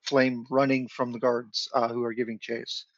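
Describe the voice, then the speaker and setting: A man running an online tabletop game as dungeon master, giving measured rulings and thinking aloud. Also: medium pitch, little pitch movement, creaky, no room sound. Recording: dry lo-fi online call audio.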